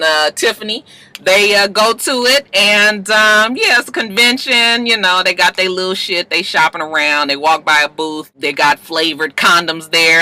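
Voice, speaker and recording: Woman vlogger, lively, swears freely, acts out characters' lines, bright cutting tone. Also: on the low side. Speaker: TV episode reviewer. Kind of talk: casual recap vlog.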